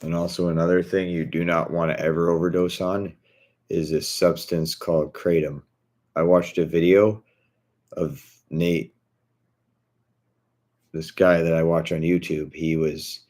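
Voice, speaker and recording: A man with a very deep voice rants casually to his viewers. He speaks bluntly and indignantly, swearing freely. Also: flat delivery, unhurried, long pauses, darkish tone. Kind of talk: casual vlog rant.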